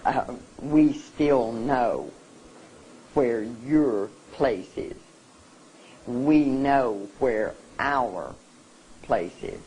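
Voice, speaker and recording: A speaker at a seminar giving an emotional talk, earnest and halting, often restarting sentences. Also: mid-range voice, warm tone, slight background noise, rough recording. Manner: openly emotional. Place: seminar room.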